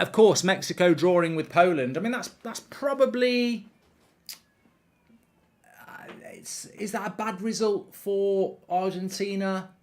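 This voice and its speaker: A man hosting a live football watchalong stream, chatting casually, rambling with lots of ums and reading viewers' comments aloud. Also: medium pitch.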